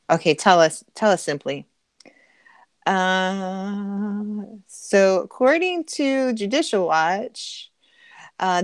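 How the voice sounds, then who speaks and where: A middle-aged woman with a mid-range voice co-hosts a casual livestream, reading viewers' chat comments aloud, responding to them and laughing often. The recording has no room sound.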